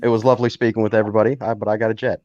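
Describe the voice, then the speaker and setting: A man's voice: fairly low pitch, level tone, very fast, darkish tone, dry recording. A man from Cincinnati, easygoing and fond of playful put-on voices, chatting casually on a call. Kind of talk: casual group chat. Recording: dull, dry call audio.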